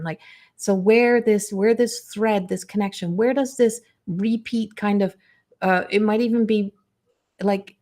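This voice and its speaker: A middle-aged woman giving live spiritual guidance in a slow, soothing way, with frequent trailing restarts. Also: medium pitch. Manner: animated storytelling with acted quotes. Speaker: intuitive guide and spiritual coach.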